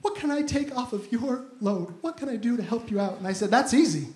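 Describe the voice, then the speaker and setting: A man's voice: very high voice, fairly quick. A young man performing a stand-up comedy set, telling stories and acting out the dialogue. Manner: animated storytelling, acts out dialogue. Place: comedy club stage with live audience. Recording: echoey club room, audible ambience.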